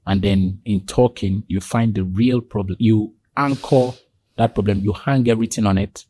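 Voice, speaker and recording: At a moderate pace, a man speaks in a warm voice on a dry recording. He is a podcast guest doing animated storytelling in conversation, acting out the people he describes, and his pitch jumps suddenly high when he quotes them.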